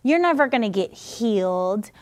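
A woman preacher voicing a demonic spirit that taunts believers in a low, hushed, mocking tone during a sermon. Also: takes it slowly, gravelly. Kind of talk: sermon teaching.

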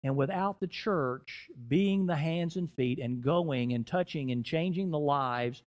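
A middle-aged guest preacher delivers a sermon in a church, his fairly high voice rising and falling in volume. He slows down to emphasize key phrases.

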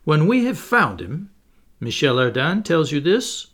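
A man voicing a bold, excitable adventurer. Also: a little high, unhurried, heavily acted. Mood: urgent.

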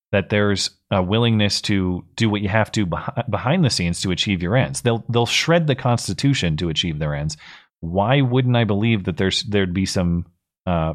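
A man in his thirties hosting a live call-in stream, giving blunt, opinionated commentary with frequent restarts. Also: on the low side. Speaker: call-in show host.

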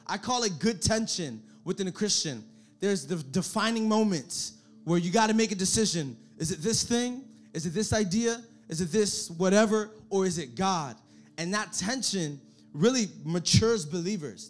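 A man with a high voice delivers a lively sermon to a young crowd. He repeats his phrases, builds up to loud calls for the room to answer, and keeps the tone casual and direct. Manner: energetic, repetitive, calls for audience response. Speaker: young adult pastor.

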